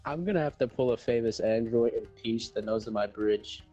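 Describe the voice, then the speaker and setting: A tabletop game player with a mellow, husky voice who mumbles joking comments to the table. Faint music sits behind him. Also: male voice, mid-range voice, a little fast, muffled recording.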